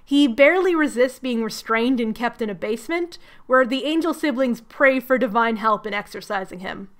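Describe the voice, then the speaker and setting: A young woman with a high voice doing a comedic book recap. She is sarcastic and animated, often laughing at herself. She talks like a video essayist. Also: moderate pace. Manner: sarcastic, animated, self-mocking. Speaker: book reviewer.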